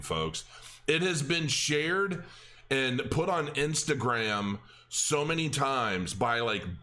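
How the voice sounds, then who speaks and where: A man's voice: mid-range voice, bright, forceful tone. A middle-aged man hosting a crypto channel, rambling in a casual chat with restarts and filler words.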